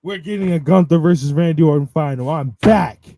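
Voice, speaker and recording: A man co-hosting a casual wrestling review show, hyped and joking, cutting in with quick reactions. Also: fairly high pitch, warm tone. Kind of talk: casual show recap chat.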